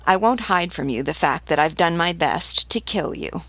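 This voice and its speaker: A woman reading the lines of an aged aristocratic male marquis from a novel, calm and unhurried, stressing nothing. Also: on the low side, no echo. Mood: calm, scornful. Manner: calm, unhurried, unstressed delivery.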